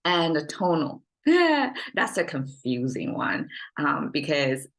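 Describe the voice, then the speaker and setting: A middle-aged woman with a Chinese accent and a notably low voice teaches her native language in an unscripted lesson. She thinks aloud as she goes, with plenty of ums, uhs and false starts. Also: big pitch swings, slow. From China. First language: Mandarin Chinese. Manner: thinks aloud with many fillers and restarts.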